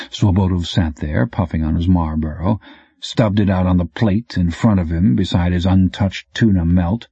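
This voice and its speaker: A man narrating an audiobook in a low, even, hard-boiled delivery. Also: normal speed, slightly rough, no room sound. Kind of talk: scripted narration. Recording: dull dry recording.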